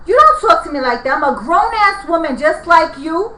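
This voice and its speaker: A woman's voice: extremely high pitch, big pitch swings, moderate pace, sharp tone, roomy sound, slight background noise, poor audio. A woman, venting in a heated, profane, repetitive vlog rant. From New York. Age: 30s. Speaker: vlogger.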